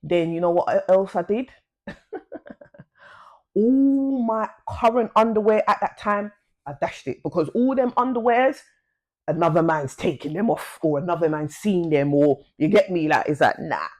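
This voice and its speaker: A woman chats through a personal story for her vlog. She talks loosely and uses plenty of slang. When she plays out bits of conversation, her voice leaps up in pitch. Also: lively intonation, normal speed, a little mellow. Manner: chatty and slangy, swings pitch to act out quoted talk. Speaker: vlogger. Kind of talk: casual storytelling to camera.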